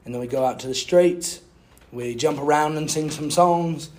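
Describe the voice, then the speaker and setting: A young man doing a playful, put-on British accent as a mock British gentleman, recapping his week like a sportscaster. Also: a little high, normal speed, close to an everyday voice.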